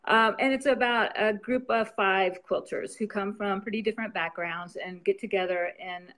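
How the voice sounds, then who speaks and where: A woman's voice: mid-range voice, moderate pace, a bit bright. A woman novelist chatting casually as an interview guest, rambling and laughing often.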